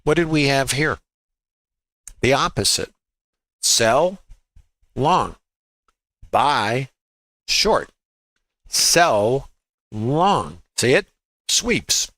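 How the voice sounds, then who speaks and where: A man's voice: medium pitch, big pitch swings, very slow, pauses often, a bit bright, no room sound, low-quality recording. A man walking through live trading charts as a trading educator, emphatic, repeating key words and asking rhetorical questions.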